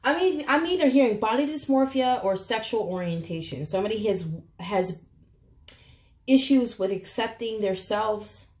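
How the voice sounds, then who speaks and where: Tarot reader, woman, fairly high voice, earnest and emotional, casual swearing, roomy sound. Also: lively intonation, moderate pace, darkish tone. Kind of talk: casual tarot reading to camera. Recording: echoey room.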